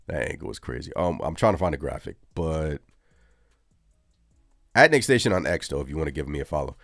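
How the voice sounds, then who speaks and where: A man hosting a live postgame sports reaction show, animated and ranting as he talks to his viewers. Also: extremely low pitch, a little fast, gravelly, pauses often, dry recording, clean studio sound. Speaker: sports podcast host.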